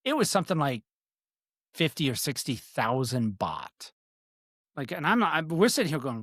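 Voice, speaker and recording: A man's voice: a little high, sing-song, moderate pace, pauses often, a bit bright, dry recording, clean studio sound. A man co-hosting a podcast, telling a long, rambling story in casual chat with casual swearing. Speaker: podcast co-host.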